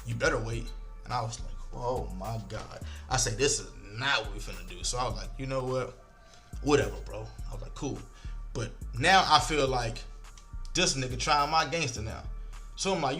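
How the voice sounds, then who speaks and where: A man in the middle of his pitch range, telling a story in a loose, casual way. He acts out what everyone said and swears freely. Soft music plays faintly behind him. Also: normal speed. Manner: animated, acts out quoted lines, swears freely.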